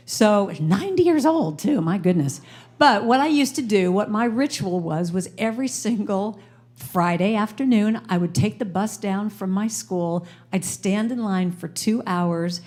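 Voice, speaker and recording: An American woman speaks to a live congregation in a spiritual center. She tells a personal story with lively energy, acting out the voices of the people in it. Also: medium pitch. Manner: animated, acts out voices in her story. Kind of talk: storytelling sermon. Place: church sanctuary before a live congregation.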